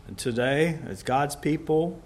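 Man, preacher, sermon, slightly high voice, emphatic loud-soft swings, faint background ambience. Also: a little slow, slight background noise.

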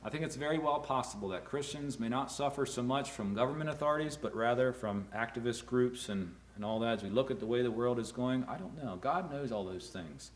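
A middle-aged man preaching a sermon to fathers, earnest, rising loud on key words and dropping low. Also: fairly quick, few pauses. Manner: earnest, rises loud for emphasis then drops low. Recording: echoey room.

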